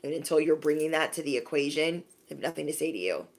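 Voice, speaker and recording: A young adult woman giving a sassy, animated spiritual pep talk to her viewers, acting out little scenes as she goes. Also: deep voice, fast talker. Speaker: intuitive reader.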